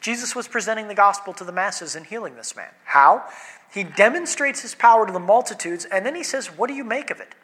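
A man's voice: high-pitched, lively intonation, fairly quick, bright, forceful tone. A man preaching a sermon as pastor, reading scripture aloud, praying, then teaching in an earnest, emphatic way with pointed questions.

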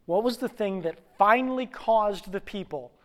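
A preacher delivering a sermon as an animated storyteller. The voice drops low and soft for reflection, then climbs loud and fast as the story heats up. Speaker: pastor.

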